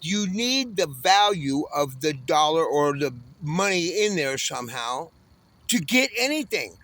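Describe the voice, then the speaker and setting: A man in his sixties from Southern California rants at length, bitter and full of curses. His voice sits a little high for a man of his age, and he rails against everything in an uneven, angry flow. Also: very animated, a little slow, a bit bright, dry recording. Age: 60s. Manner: profane, bitter, railing. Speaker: homeless panhandler. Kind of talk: angry ranting monologue.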